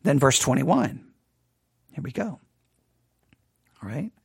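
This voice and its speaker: A Bible teacher giving a dramatic, animated study lesson, acting out people's reactions and dropping to a hush when reading scripture. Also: medium pitch, slow, gravelly, husky, dry recording.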